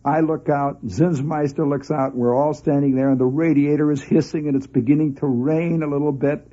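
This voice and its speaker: A man telling a long story on the radio in an animated, conversational way, often laughing as he goes. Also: on the high side, normal speed. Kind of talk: spoken storytelling monologue. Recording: dull lo-fi old radio recording.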